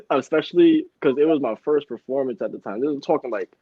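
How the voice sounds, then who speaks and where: A man's voice: mid-range voice, expressive, brisk, warm tone, husky, no room sound, highs cut off. A man talking as a rapper guest on a casual podcast, laid-back and slangy, laughing often. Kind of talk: casual chat.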